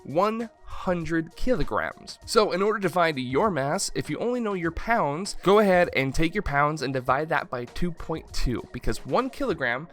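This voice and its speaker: A man's voice: a little high, animated, normal speed, few pauses, fairly bright tone, faint music behind. A man with a slight Southern twang hosting a casual comedic science explainer, irreverent and swearing freely. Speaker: science video host.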